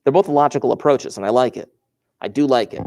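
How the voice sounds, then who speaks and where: A man's voice: medium pitch, quick pace, creaky, a little mellow. A man teaching a math lesson to a class, explaining step by step with wry, joking asides.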